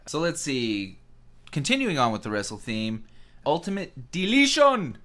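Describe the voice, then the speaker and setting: A man co-hosting a podcast in casual chat, excitable and swearing freely, with mock rants. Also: a little high, a little slow. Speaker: podcast co-host.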